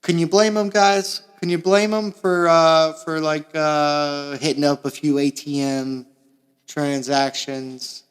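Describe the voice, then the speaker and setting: A young man from Florida hosting a podcast, delivering a crude, sarcastic comedic monologue that swings between mumbling asides and loud bursts. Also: a little high, level tone, takes it slowly, smooth. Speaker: podcast host. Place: small makeshift home recording space.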